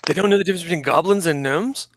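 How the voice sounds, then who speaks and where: A man's voice: on the high side, very fast, no room sound, clean studio sound, voice pushed up, natural voice. A man voicing a prim adventurer who stammers in baffled disbelief.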